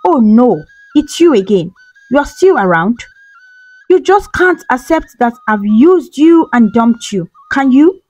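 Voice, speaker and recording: A woman's voice: on the high side, sing-song, measured pace, darkish tone, no echo, faint music behind. A woman voicing an arrogant, boastful young man in a storybook tale, speaking proudly and sneeringly.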